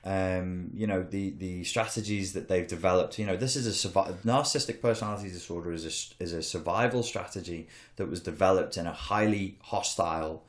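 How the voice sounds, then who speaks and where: A man's voice: low voice, a little fast, few pauses, reverberant. A man hosting a casual podcast conversation, candid and blunt, with some swearing and acted-out quotes. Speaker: podcast host, coach on narcissistic abuse.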